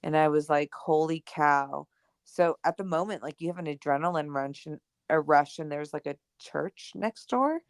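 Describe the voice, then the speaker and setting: A young adult woman co-hosting a podcast, telling a personal story in casual chat, animated and full of "like" and "right?", acting out the dialogue she quotes. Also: low voice, moderate pace, no room sound, clean studio sound. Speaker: podcast co-host.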